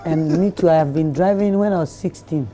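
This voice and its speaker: A woman with a Ghanaian accent, a guest in an interview, telling stories about her life in a lively way and acting out the people in them. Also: deep voice, brisk, faint music behind. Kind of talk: casual storytelling in an interview.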